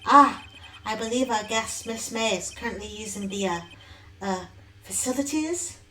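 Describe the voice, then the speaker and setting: A woman's voice: medium pitch, expressive, slow, recorded from a distance, a little hiss or hum. A woman voicing an overly polite young male hotel bellboy in a live fan dub of a game, speaking stiffly and stumbling over her words. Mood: formal. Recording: roomy, off-mic, faint music behind.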